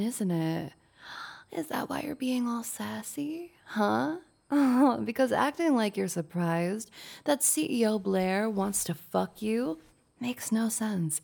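Casting: woman voicing a bossy, mocking young lady boss; slow, drawn-out delivery with a heavy gravelly fry. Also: mid-range voice, darkish tone, heavily acted. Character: domineering, teasing young woman company boss. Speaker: audio role-play performer. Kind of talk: intimate audio role-play.

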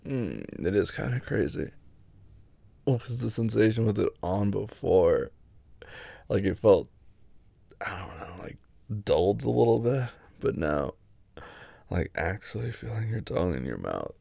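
Slow, gravelly man murmuring close. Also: lowish voice, sing-song, warm tone, no room sound. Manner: murmured, breathy, often whispered asides. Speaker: adult audio performer. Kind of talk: intimate audio role-play.

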